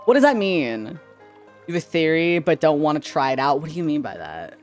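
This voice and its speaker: A man chatting casually on a live stream, his voice bouncing up and down in pitch. He swears freely and shifts from loud to quiet as he talks. Faint music plays underneath. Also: a little fast. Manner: animated, swings between loud and quiet.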